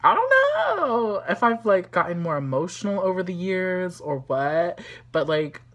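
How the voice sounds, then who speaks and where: A woman talks through her thoughts on a show episode in a loose, casual recap. Her voice sits low, and she rambles with plenty of fillers and sudden lively reactions. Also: measured pace. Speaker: show reviewer.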